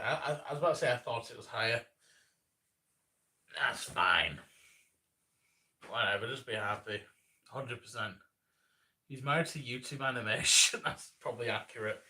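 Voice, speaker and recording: A man's voice: mid-range voice, lively intonation, normal speed, long pauses, pushed and bright, recorded from a distance. A man in his thirties, an animator chatting casually on a live stream, rambling and self-deprecating, with lots of restarts. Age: 30s.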